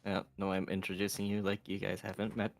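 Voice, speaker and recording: A man playing in a tabletop game, speaking hesitantly with halting starts. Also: low voice, monotone, creaky, soft background music. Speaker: player.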